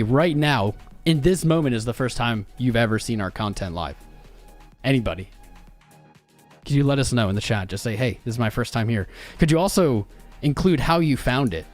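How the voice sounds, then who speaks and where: A male livestream host in casual chat, bantering and greeting viewers one by one by name. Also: medium pitch. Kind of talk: casual live-stream chat.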